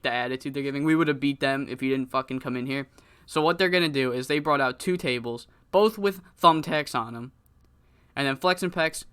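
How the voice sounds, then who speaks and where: A man casually narrating a wrestling game playthrough with profane, laughing, animated storytelling. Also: a little high, clean tone. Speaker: gamer narrating a wrestling sim. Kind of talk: casual, profane let's-play commentary.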